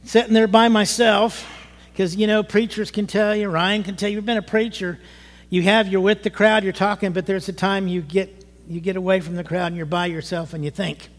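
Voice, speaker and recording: A middle-aged man preaching a sermon to his church, animated, rising to emphatic bursts. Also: high-pitched, normal speed. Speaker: pastor. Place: church sanctuary. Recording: long hall reverb.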